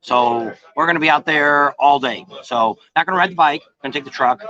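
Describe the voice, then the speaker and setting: A man's voice: on the high side, a little fast, highs cut off, crowd noise. A man hosting a casual live-stream travel vlog, rambling and folksy, often correcting himself. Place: noisy bar with a crowd.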